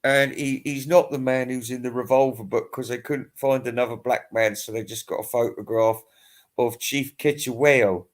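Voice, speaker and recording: A man's voice: mid-range voice, fairly even intonation, normal speed. A middle-aged man in a casual, rambling monologue. He sounds tired, swears freely, rants and chuckles as he goes. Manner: profane, ranting, chuckling. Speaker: music vlogger.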